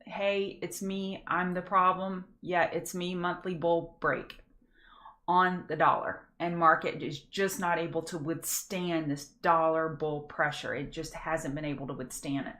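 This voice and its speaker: A woman from Louisiana with a Southern accent, hosting a casual live pre-market trading show, folksy and chatty, greeting viewers by name and slowing down to enunciate. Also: low-pitched, steady tone, fairly bright tone. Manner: slows down to enunciate carefully.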